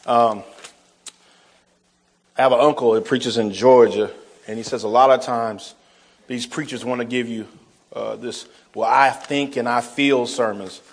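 A man preaching a sermon, folksy, calling the congregation y'all, swinging from soft asides to shouted emphasis. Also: mid-range voice, fairly even intonation, unhurried, long pauses, slightly rough. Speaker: pastor.

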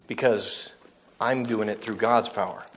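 A man's voice: fairly low pitch, steady tone, measured pace, a little hiss or hum. A man preaching a sermon, reading scripture aloud and explaining it, correcting himself now and then.

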